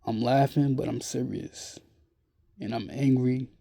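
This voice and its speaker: Slow, gravelly, worn-out man. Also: mid-range voice, fairly even intonation, dark tone. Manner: slow, halting and repetitive, with many restarts; blunt and profane. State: weary and worn out. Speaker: vlogger. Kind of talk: casual monologue to camera.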